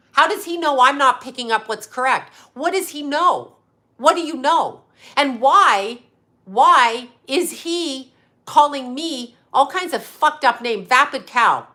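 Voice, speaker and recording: A woman's voice: sits high, lively intonation, pushed and bright. Angry middle-aged woman on a livestream. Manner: angry, profane, confronting a critic with rapid-fire questions. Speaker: psychic medium. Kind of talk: heated livestream rant to viewers.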